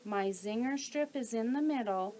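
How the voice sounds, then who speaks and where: A woman calmly talking through a sewing tutorial step by step while she works. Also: a little high, normal speed, low-quality recording. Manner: calm, methodical, talks while working. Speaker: quilting instructor.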